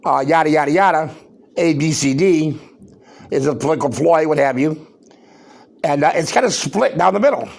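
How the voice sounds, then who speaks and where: This man hosts a podcast and delivers loud, worked-up commentary full of rhetorical questions. His voice sits on the high side with a creaky quality, moving at normal speed and pausing often.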